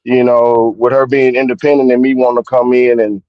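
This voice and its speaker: A man's voice: medium pitch, little pitch movement, brisk, dry recording. A man in his forties calls in from his car on a dull, muffled phone line. He talks casually and rambles with lots of "you know" fillers. The sound is dry. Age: 40s. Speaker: caller. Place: his parked car at work.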